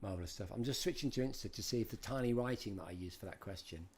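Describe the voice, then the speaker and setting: A man's voice: on the low side, quick pace, a little mellow, breathy edge. A middle-aged man hosting a live-streamed retro quiz, chatting and greeting viewers by name as he reads out questions. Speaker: host.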